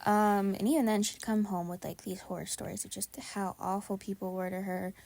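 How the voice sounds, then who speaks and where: A woman's voice: mid-range voice, level tone, brisk, creaky, darkish tone, dry recording. A young woman co-hosting a podcast, talking in a blunt, profane, ranting way during casual chat. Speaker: podcast co-host.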